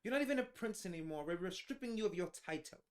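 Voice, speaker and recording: A man's voice: sits high, animated, quick pace. A man voicing a pompous, outraged older royal father in a put-on British accent, scolding and profane. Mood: haughty scolding.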